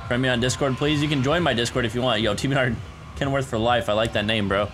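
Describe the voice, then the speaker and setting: A man's voice: medium pitch, steady tone, fast talker, a bit bright, soft background music. A young man casually commentating a live game stream, chatty and laid-back, with a tired early-morning voice. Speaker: gaming streamer.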